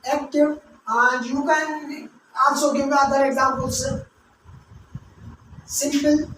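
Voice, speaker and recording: A woman teaching English grammar, slowly repeating each word syllable by syllable and sometimes explaining in local languages. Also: high voice, little pitch movement. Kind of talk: grammar lesson with pronunciation drills. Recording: very echoey room, voice from far off, faint hiss.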